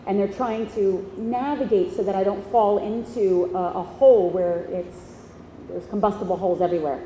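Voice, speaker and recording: A woman's voice: mid-range voice, fairly even intonation, normal speed, dark tone, roomy sound, big-room sound, slight background noise, low-quality recording. A woman giving a keynote speech at an outdoor event, telling a personal story in earnest, emotional, fragmented phrases. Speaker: keynote speaker. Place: outdoor event at a horse park.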